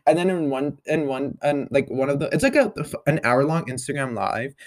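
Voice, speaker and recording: A man's voice: on the high side, expressive, moderate pace, no room sound, studio quality. A young man hosting his own podcast, rambling casually with lots of "like" and "um" fillers. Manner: rambling, full of "like" and "um" fillers, chatty. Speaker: podcast host. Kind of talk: casual solo podcast chat.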